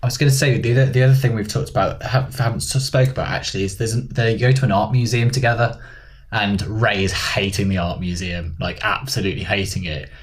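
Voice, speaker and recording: A man's voice: on the low side, fast. A man co-hosting a podcast, talking through a film with enthusiasm in casual chat. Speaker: podcast co-host.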